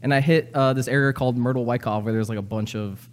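Jeune homme qui raconte vite. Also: male voice, medium pitch, fairly even intonation, fast. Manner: rambling, lots of "like" fillers. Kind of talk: casual storytelling chat.

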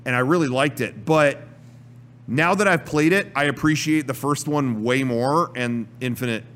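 A man co-hosting a casual podcast chat about video games, animated and prone to acting out gameplay. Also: mid-range voice, moderate pace. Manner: animated, acts out gameplay with loud exclamations. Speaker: podcast co-host.

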